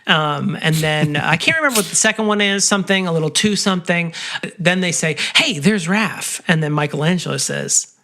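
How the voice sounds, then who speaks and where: Bright-voiced man, animated podcast chat. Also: fairly high pitch, fairly quick, a little hiss or hum. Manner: animated, mimics lines in goofy voices. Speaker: podcast co-host. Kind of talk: casual chat.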